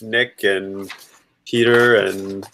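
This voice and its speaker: A man's voice: low-pitched, level tone, drawn-out words, gravelly, fairly bright tone, slight background noise. A man playing a tabletop role-playing game, talking in a loose, rambling way. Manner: rambling, lots of fillers and restarts. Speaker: player. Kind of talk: casual tabletop role-play chat.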